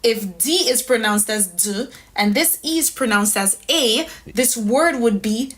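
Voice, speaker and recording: A woman's voice: on the high side, animated, measured pace, fairly bright tone. A woman teaching a pronunciation lesson step by step, patient and methodical, often checking in with "right?". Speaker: language teacher.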